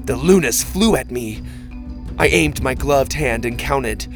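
A man reading a first-person adventure story, slow and unhurried with a lively, rising and falling delivery. He tells it expressively, and faint music plays behind him. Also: medium pitch. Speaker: narrator. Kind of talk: storybook narration.

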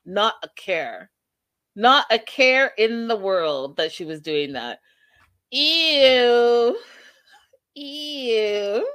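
On her casual reality TV recap show, a woman with a lowish voice chats animatedly, laughing and acting out quotes from the cast. There's no room sound.

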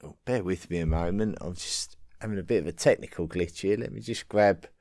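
English guy doing podcast listener mail, lowish voice, dry, stumbles and restarts a lot. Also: darkish tone, dry recording. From England. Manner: halting, with many ums and restarts. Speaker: podcast host. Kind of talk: casual listener-mail segment.

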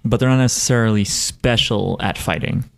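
A man's voice: lowish voice, moderate pace, creaky. A man co-hosting a podcast, casually explaining plot points with joking asides. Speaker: podcast co-host. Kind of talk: casual chat discussing an anime episode.

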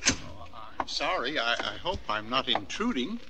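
An actor playing a timid, lonely elderly lodger who speaks politely and haltingly with many hesitations. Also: male voice, medium pitch, very animated, very noisy, natural voice. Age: older.

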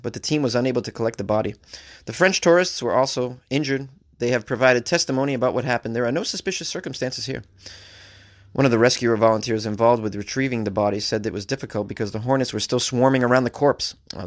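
A man's voice: medium pitch, fast talker. Sarcastic man riffing on odd news. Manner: sarcastic, rambling, swears casually. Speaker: host reading and reacting to news stories. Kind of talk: casual commentary on news stories. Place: staying in a hotel abroad.

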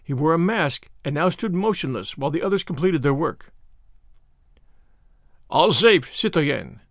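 A man narrating a classic novel aloud in a measured, even storytelling manner, as the host of a story podcast. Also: fairly high pitch, no room sound, studio quality. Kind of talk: audiobook reading of a classic novel.

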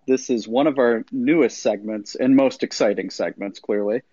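A man's voice: medium pitch, normal speed, few pauses, dark tone, breathy edge, no echo, dull audio, faint music behind. A man hosting a podcast and interviewing a guest, talking in a jokey, rambling way and correcting himself. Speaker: podcast host.

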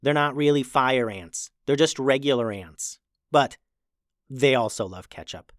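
A storyteller voicing a calm young ninja sister who speaks dryly and deadpan. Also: a little slow, dry recording, natural voice. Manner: dry, low and deadpan.

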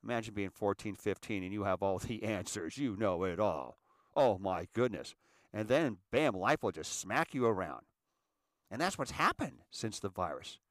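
A man in his fifties telling his own life story to an audience, earnest and halting, often repeating words as he restarts. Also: lowish voice, animated, dry recording, studio quality. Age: 50s. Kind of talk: personal monologue addressing an audience.

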